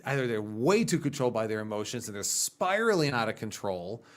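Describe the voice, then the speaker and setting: A man's voice: mid-range voice, a little fast. A man in his thirties hosting a casual podcast chat, talking earnestly and telling stories with bursts of laughter. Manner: earnest, animated storytelling with laughs. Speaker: podcast host.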